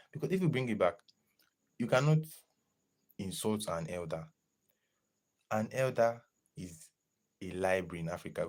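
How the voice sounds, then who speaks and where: A young man chatting casually on a live stream, lively and greeting viewers in the chat as he talks. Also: sits low. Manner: animated, greets chat viewers, slips into pidgin.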